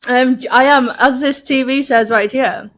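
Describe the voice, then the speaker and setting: A woman's voice: sits high, steady tone, a little slow, fairly bright tone. A young woman co-hosting a podcast, teasing, telling jokes and swearing casually. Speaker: podcast co-host. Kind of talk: casual comedic chat.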